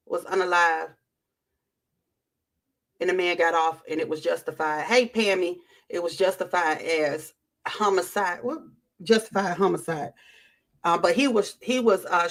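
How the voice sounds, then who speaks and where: A woman's voice: lowish voice, fairly bright tone. Chatty Southern woman hosting a livestream. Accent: Southern American. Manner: chatty, greets viewers by name, frequent um and restarts. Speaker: livestream host. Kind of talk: casual livestream chat.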